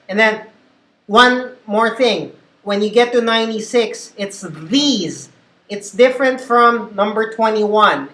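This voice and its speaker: A woman, a call center trainer, leading a pronunciation drill and reading words one by one, slowly and deliberately. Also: medium pitch, fairly bright tone. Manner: slow, deliberate word-by-word reading. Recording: echoey room.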